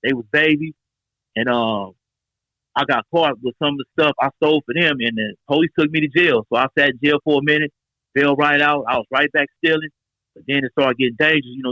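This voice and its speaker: A man's voice: mid-range voice, fast, no echo, highs cut off. A man in his forties from Los Angeles, telling street stories as an interview guest and acting out the quotes. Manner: animated street storytelling, acts out quotes. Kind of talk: casual storytelling interview.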